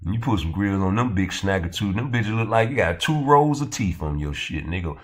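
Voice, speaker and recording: A man hosting his own channel, ranting and roasting others in a loud, profane, mocking way. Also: low voice, animated, brisk. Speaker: channel host. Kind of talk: heated roast commentary.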